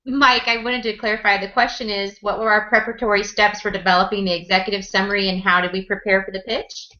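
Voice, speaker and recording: A woman's voice: mid-range voice, little pitch movement, fast talker, sharp tone. A woman entrepreneur answering on a panel, confident and reflective. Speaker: entrepreneur, competition winner. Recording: muffled lo-fi recording.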